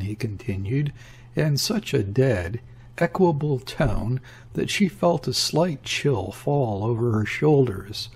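A man reading a literary story aloud in a measured, deliberate narration. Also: medium pitch, lively intonation, gravelly, a little mellow, slightly rough. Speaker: audiobook reader.

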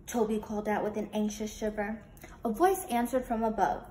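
Animated woman reading a children's book. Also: a little high, moderate pace. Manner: animated, asks children questions. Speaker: teacher and children's author. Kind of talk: interactive read-aloud for children. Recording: roomy with faint noise.

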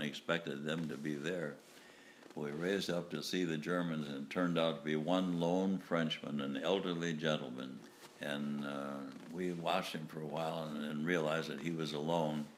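An older man, a war veteran from the United States, recounting wartime memories in a halting way, with restarts and small chuckles. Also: extremely low pitch, a little hiss or hum. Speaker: WW2 veteran interviewee.

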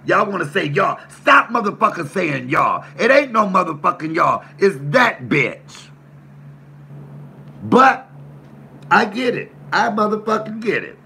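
A man rants to his livestream chat in a gravelly, bright, sharp-edged voice, swearing hard and hammering the same points over and over. His pitch sits a little high for a man. A faint hum runs underneath. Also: big pitch swings, normal speed, few pauses. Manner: profane, confrontational, emphatic. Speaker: YouTube livestream host. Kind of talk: heated livestream rant reading chat.

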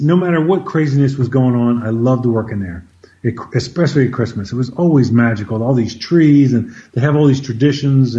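A man as an interview guest, telling an anecdote in an animated conversational way, often repeating words as he starts a sentence. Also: medium pitch, muffled recording. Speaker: interview guest, former White House officer. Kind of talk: conversational storytelling.

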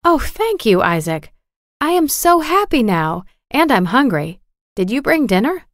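Woman voicing a high, excitable teenage girl. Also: normal speed, no room sound, clean studio sound. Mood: overjoyed. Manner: bright, high, excitable delivery. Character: cheerful teenage girl, eager and emotional.

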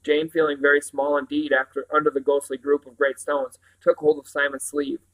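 A man reading a children's novel aloud in a steady manner, with occasional slips and restarts. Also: on the high side, brisk, low-quality recording. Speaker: reader.

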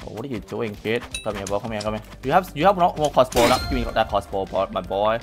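Excitable young man taunting in a game. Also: lowish voice, fast, over music. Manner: excitable, taunting opponents, non-native English. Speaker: gaming YouTuber. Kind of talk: live gameplay commentary.

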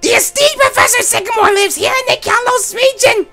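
A man voicing a perky teenage girl neighbor with a rushed, squealing delivery. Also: very high voice, over music, pitched above the performer's own voice. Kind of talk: let's play character voice.

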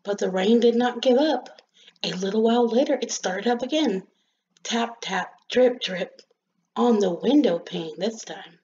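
A woman reading a children's story aloud in an expressive, gentle storytelling manner. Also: a little high, measured pace, a little hiss or hum. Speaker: storybook reader. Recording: slightly dull lo-fi recording.

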